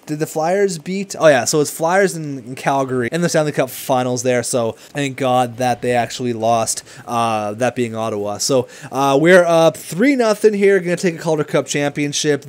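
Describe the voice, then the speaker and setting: A young man giving casual, excitable commentary over a video game, swinging between hype and frustrated swearing. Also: a little high. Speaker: gaming commentator.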